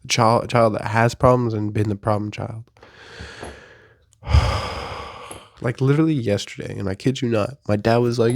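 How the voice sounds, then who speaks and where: A young man in a casual confessional monologue, rambling and self-deprecating, often rising into animated rhetorical questions. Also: lowish voice, moderate pace, vocal fry, no room sound, studio quality. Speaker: vlogger. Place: his bedroom.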